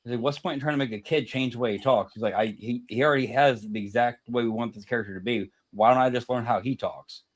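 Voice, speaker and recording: A man's voice: medium pitch, quick pace, hardly any pauses. Chatty man telling a story. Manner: chatty storyteller, laughs at own jokes. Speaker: podcast co-host. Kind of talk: casual chat.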